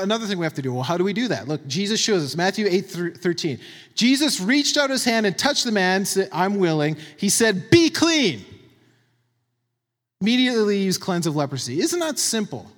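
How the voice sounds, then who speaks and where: Male pastor with a high, lively voice, conversational and emphatic, reverberant hall. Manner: emphatic, conversational, tags points with "right?". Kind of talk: sermon.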